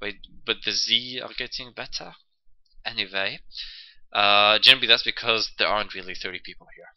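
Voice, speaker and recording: A man's voice: fairly low pitch, fairly even intonation, moderate pace, sharp tone. Chatty man on a lo-fi mic. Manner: chatty, self-deprecating. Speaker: stream participant. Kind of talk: casual chat with viewers.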